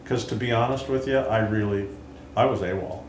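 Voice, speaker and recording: A man in his seventies, hosting an interview and telling his own story in an earnest, halting way with frequent restarts. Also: lowish voice. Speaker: interview host and Vietnam veteran. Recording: roomy with faint hiss.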